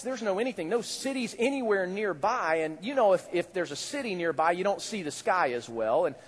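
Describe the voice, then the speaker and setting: A male pastor preaching a sermon in a conversational, animated way, with rising exclamations. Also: high voice, breathy edge. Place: church hall. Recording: echoey church hall.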